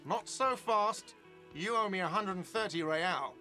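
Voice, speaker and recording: A man's voice: high voice, lively intonation, unhurried, bright, forceful tone, soft background music, full character voice. A man voicing an irritable, defensive bartender in a video game, speaking in a curt, exasperated way. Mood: sarcastic. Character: irritable, defensive male barkeep.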